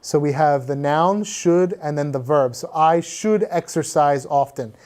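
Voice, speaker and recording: Here a man with a somewhat high but darker-toned voice reviews English grammar for his students, unhurried and patient. As an English teacher he leans on plenty of fillers and sometimes switches to Korean.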